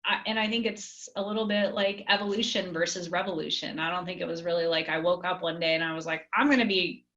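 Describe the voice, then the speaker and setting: A woman's voice: fairly low pitch, level tone, fast talker, fairly bright tone, lo-fi sound. A woman guest on a podcast, chatty and easy-laughing, talking through her work with casual fillers. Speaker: guest, marketing director. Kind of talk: casual interview.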